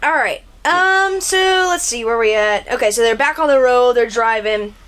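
A podcast co-host, a woman, walks through a movie's plot in a loose, chatty way. Her voice sits a touch high, and she jumps between scenes with casual swearing. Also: moderate pace. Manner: animated, swearing, laughing retelling. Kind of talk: casual movie recap chat.

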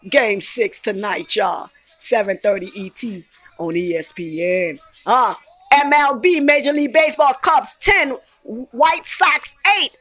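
A woman hosting a casual sports podcast, excitably reading scores and highlights with lots of slang and exclamations. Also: dry recording. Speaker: podcast host.

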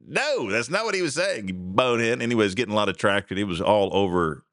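A man's voice: fairly low pitch, sing-song, quick pace, hardly any pauses, a bit bright, no room sound, clean studio sound. A man hosting a casual solo news commentary show, rambling, repeating himself and chuckling along. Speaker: podcast host.

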